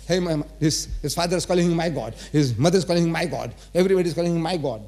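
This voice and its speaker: Man lecturing, higher voice. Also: racing, a little mellow. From South Africa. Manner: rhetorical, quizzes and teases the audience. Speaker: religious lecturer. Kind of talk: religious lecture to a live audience. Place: large auditorium.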